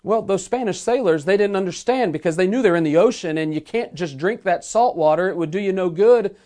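A man preaching a sermon to an online audience in an earnest, measured way, slowing down to stress key phrases. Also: high voice, warm tone. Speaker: pastor. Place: remote sermon streamed online.

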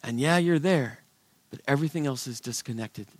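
A middle-aged male pastor preaching a sermon, his delivery swinging from loud, emphatic lines to hushed, quiet ones. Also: medium pitch, a little fast, no room sound.

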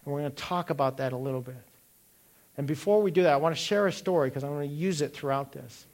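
A middle-aged man delivers a sermon in a somewhat high voice. He puts pointed questions to the listeners and weaves in stories from his own life. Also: fast, darkish tone. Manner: asks the listeners direct questions, tells personal stories. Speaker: pastor.

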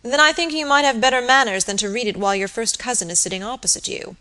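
Woman reading a serious young lawyer guy in an old novel, formal and measured, bright voice. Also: fairly high pitch, voice pushed up. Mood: grave. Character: grave young male barrister cousin.

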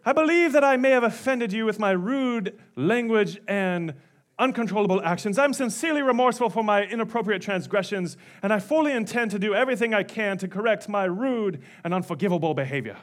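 A man's voice: high-pitched, animated, fairly quick. A man voicing a remorseful male parrot who speaks in a posh British accent and an overly formal, apologetic way. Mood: formal apology.

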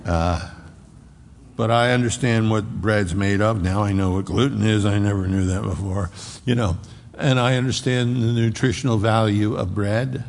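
Gravelly pastor guy preaching, goes loud then quiet, lots of echo from the big room. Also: lowish voice, steady tone, moderate pace. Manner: emphatic preaching, swings from raised to hushed delivery; explains scripture with homely asides. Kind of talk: sermon. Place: church sanctuary.

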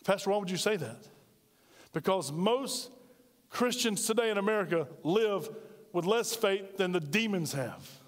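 A man's voice: high voice, animated, unhurried, big-room sound. A male pastor preaching a sermon, firing off emphatic rhetorical questions.

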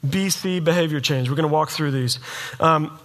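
A middle-aged man preaching a sermon, emphatic and animated, sometimes mimicking his listeners in mock voices. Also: fairly high pitch, normal speed. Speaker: pastor.

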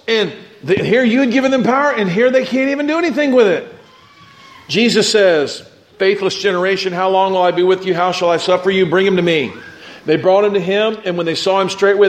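High-voiced man preaching a sermon. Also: a little hiss or hum. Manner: conversational preaching, reads scripture aloud, frequent restarts. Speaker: pastor.

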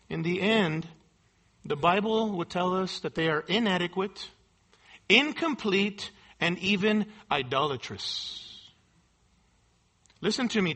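Male pastor, high-pitched and forceful, emphatic sermon, rhetorical questions.

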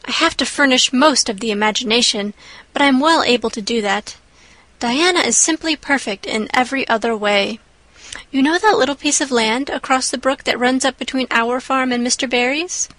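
A woman's voice: high voice, normal speed, a bit bright, dry recording. A woman voicing an eleven-year-old orphan girl, imaginative and chattering, who speaks breathlessly and gushes in her audiobook reading. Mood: dreamy chatter. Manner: breathless, gushing, rapturous.

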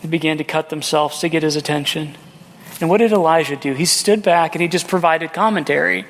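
A man's voice: fairly high pitch, a little fast, slight background noise. A male pastor preaching a sermon, telling a story dramatically, acting out the quotes and asking rhetorical questions. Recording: long hall reverb.

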